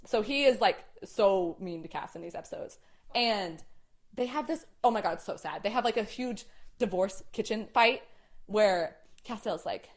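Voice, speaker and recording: A young woman hosting a casual chat, animated, swearing and packing her talk with "like". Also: medium pitch, normal speed. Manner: animated, swearing, many "like" fillers. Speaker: host.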